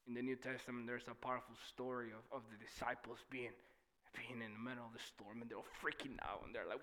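A young man preaching a sermon in church, animated and swinging from shouting to near-whispers. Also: mid-range voice, fairly quick. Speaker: pastor.

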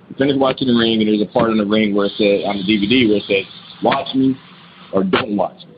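Man telling a ghost story, lo-fi. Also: fairly low pitch. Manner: rambling, restarts often, slangy. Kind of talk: casual spoken storytelling. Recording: dull lo-fi recording with clear noise.

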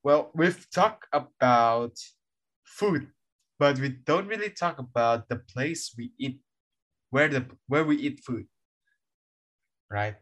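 A young man from Indonesia, English his second language, with an American-based Indonesian accent, co-hosting a casual chat in a halting, self-correcting way. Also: medium pitch, animated, a bit bright. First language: not English. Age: young adult. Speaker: podcast co-host.

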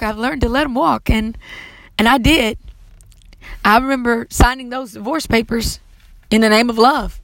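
A woman's voice: on the high side, steady tone, a little slow, long pauses, dry recording, poor audio. Tearful, fervent woman preacher. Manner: emotional, fervent, fighting tears. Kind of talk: testimony sermon.

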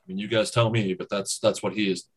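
A man's voice: on the low side, level tone, fast talker, husky. A man narrating as game master of a tabletop game, in a casual, fillered way with the odd swear word.

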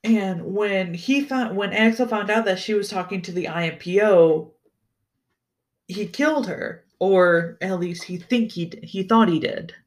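Speaking a little slowly at medium pitch, a solo podcast host gives a casual review of a book series, full of enthusiasm and free swearing, with frequent stumbles and restarted sentences.

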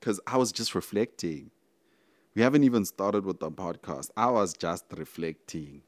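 A man's voice: low-pitched, normal speed, dry recording. A young South African man hosting a casual solo podcast, rambling and talking straight to his listeners. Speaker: podcast host.

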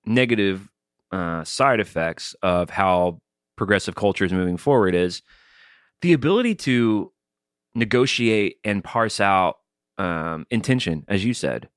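A man in his forties co-hosts a podcast, working through ideas carefully and restarting his sentences. His voice sits fairly low. The sound is close and dry. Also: animated, unhurried, smooth, no echo. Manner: thoughtful, reasoning aloud with restarts. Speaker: podcast co-host. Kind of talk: casual podcast discussion.

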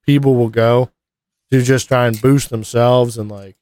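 A man's voice: mid-range voice, steady tone, measured pace, darkish tone, no room sound. A man co-hosting a casual podcast, rambling with lots of fillers and swearing. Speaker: podcast co-host. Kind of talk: casual profane chat.

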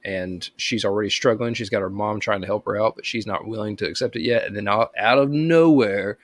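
A man's voice: lowish voice, fairly quick, no room sound, clean studio sound. A man co-hosting a podcast in casual chat, rambling through explanations with many fillers. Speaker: podcast co-host.

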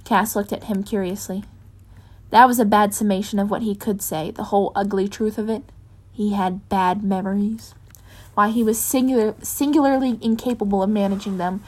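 A woman's voice: mid-range voice, steady tone, moderate pace, a little mellow. Woman reading a story, unpolished. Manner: unpolished, corrects her own slips. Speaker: reader. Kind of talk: reading fan fiction aloud.

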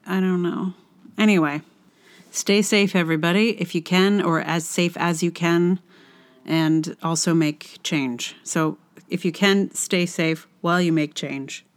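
A woman from Virginia hosts her podcast in an unhurried, meandering way. She speaks low and slow, stopping often to correct herself and fill the gaps, which gives the chat a loose, easygoing feel. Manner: rambling, self-correcting, halting with fillers. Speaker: podcast host. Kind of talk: casual chat.

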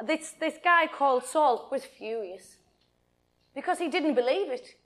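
A woman telling a Bible story to children and adults in an animated way, often addressing her listeners directly. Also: high-pitched.

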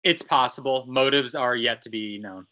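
A man in his thirties, guest co-host of a podcast, talking casually with a dry, deadpan humor. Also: medium pitch, moderate pace.

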